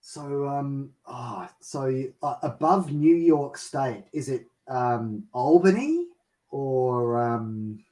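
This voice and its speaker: A man's voice: medium pitch, expressive, slow pace, mellow, far from the mic, rough recording. Hesitant Australian-raised man chatting. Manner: hesitant, many fillers and restarts, laughs often. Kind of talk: casual chat.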